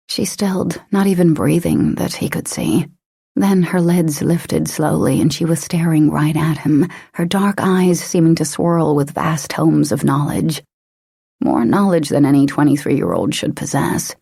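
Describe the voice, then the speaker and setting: A woman narrating an audiobook in a steady, measured reading. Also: deep voice, creaky, husky, no echo, studio quality. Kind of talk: scripted narration.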